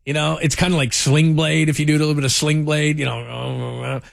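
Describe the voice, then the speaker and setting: A man's voice: on the high side, flat delivery, quick pace, gravelly, dry recording, clean studio sound. A man hosting a sports talk radio show, telling stories in a chatty way with lots of fillers. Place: radio studio. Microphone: studio microphone.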